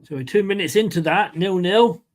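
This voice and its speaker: A fairly high-voiced English man hosts a live football watchalong for fans. He calls the play-by-play in a casual, chatty way and breaks off to greet viewers by name. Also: normal speed. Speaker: fan channel host.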